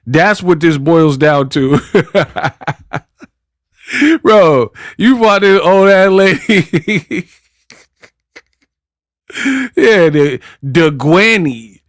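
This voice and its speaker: Brief: fairly high-voiced man, slangy boxing trash talk, dry close sound. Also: animated, drawn-out words, pauses often, no echo. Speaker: boxing commentary channel host. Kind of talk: casual commentary vlog.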